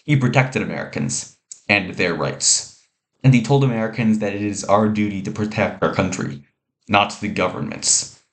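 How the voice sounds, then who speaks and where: A man's voice: fairly low pitch, moderate pace. A man presenting a read speech, reading plainly with an occasional stumble.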